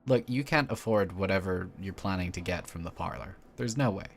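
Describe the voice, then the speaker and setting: A man's voice: low voice, brisk, slight background noise. A man reading game text aloud, breaking off for sardonic, swearing jokes. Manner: sardonic, swearing, joking asides. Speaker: let's play host.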